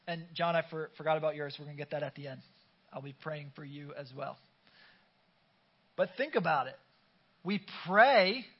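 A man's voice: high voice, lo-fi sound. A pastor preaching a conversational sermon to his congregation, urging them to call back their response. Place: church sanctuary.

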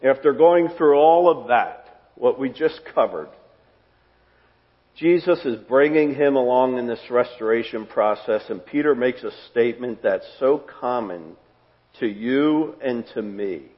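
A man preaching a sermon as pastor, earnest and repeating phrases for emphasis, his voice trailing off softly at the ends of phrases. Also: mid-range voice, expressive, a little slow. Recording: dull sound with long hall reverb.

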